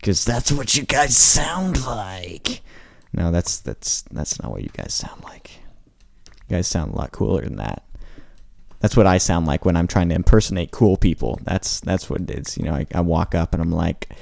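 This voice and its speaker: A man playing a video game and commenting casually, rambling to himself with excitable outbursts. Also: low-pitched, moderate pace, gravelly, no room sound, clean studio sound. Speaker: gaming channel host. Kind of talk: casual let's play commentary.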